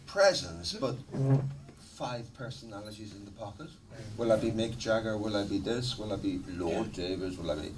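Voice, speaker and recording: A middle-aged man, a musician guest in an interview, telling stories in a lively, laughing, swearing manner. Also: mid-range voice, normal speed. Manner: animated, swearing, laughing storyteller. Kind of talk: casual storytelling interview. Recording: distant mic with noticeable background noise.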